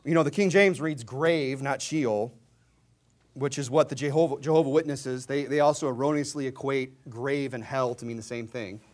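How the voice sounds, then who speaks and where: A man preaching a sermon, swinging between low asides and loud, emphatic readings of scripture, mocking the views he argues against. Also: normal speed. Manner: mocking, mimics opponents' views.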